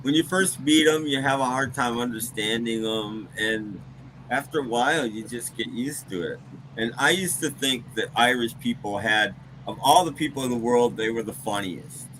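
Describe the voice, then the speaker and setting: A man chatting casually on a stream, telling stories in an animated, excitable way. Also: medium pitch, moderate pace, a little hiss or hum, poor audio. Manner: animated storyteller, gets excited. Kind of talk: casual chat.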